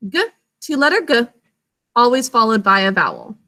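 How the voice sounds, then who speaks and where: A woman teaching a spelling lesson in a high voice with a crisp, bright edge. She draws each word out slowly, sounding out its syllables. She keeps calling on the class to repeat after her. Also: sing-song. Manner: slow, drawn-out enunciation of words and sounds; call-and-response prompting.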